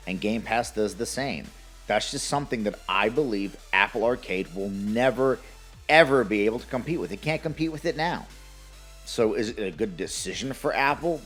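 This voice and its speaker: A man rants to his viewers about games, worked up and sarcastic, cursing freely. His voice sits at an ordinary middle pitch. Faint music plays beneath him. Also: husky. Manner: heated, sarcastic, profane. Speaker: gaming commentator. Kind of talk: opinion rant to camera.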